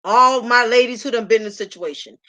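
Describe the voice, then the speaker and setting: A woman's voice: fairly high pitch, a little fast, sharp tone, muffled recording. A woman hosting a live show, telling a story to her audience in a brash, profane, sassy way. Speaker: host.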